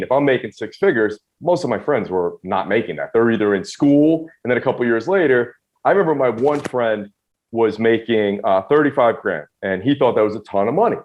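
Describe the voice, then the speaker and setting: Fast-talking man, dull lo-fi sound. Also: medium pitch, darkish tone. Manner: rapid, emphatic, self-deprecating retelling. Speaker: guest. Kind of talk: candid storytelling interview.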